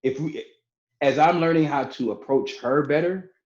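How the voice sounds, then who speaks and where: A man's voice: on the high side, moderate pace, a little mellow. A man guest on a podcast, talking loosely about his marriage with plenty of fillers and restarts. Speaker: guest, barber and entrepreneur. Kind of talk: casual podcast conversation. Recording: roomy, slightly dull podcast audio.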